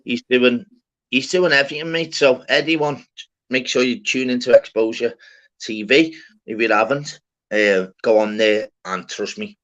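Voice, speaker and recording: A man's voice: mid-range voice, a little slow, a bit bright. A man hosting an open-panel live stream, chatting casually with slangy, swearing banter. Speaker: livestream host. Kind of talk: casual chat. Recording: dull lo-fi stream audio.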